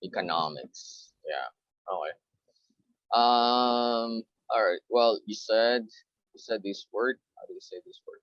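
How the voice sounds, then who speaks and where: A man tutoring English speaking over a call, patiently correcting pronunciation and repeating words slowly. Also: on the low side, a bit bright, no echo, lo-fi sound. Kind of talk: one-on-one pronunciation coaching.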